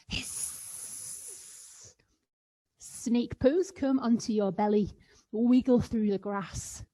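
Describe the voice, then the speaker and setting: A woman's voice: medium pitch, darkish tone. A woman guiding children through a playful yoga session, sometimes making animal sounds. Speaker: kids yoga teacher. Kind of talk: guided kids yoga instruction.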